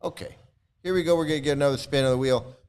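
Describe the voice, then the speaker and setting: A man hosting a casual commentary video, talking in an animated, mocking way that jumps into high exclamations. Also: very fast, clear, resonant tone. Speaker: commentary host.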